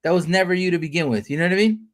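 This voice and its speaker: A man's voice: high voice, racing. A man hosting a casual podcast chat, joking and teasing his guest with lots of swearing. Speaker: podcast host.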